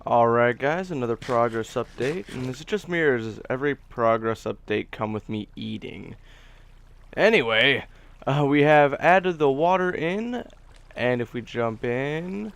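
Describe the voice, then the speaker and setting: Hiccups interrupt this man as he hosts a let's play, giving chatty, slightly rambling commentary on his gameplay with plenty of self-deprecating jokes. He talks at a medium pitch with a smooth, creaky voice.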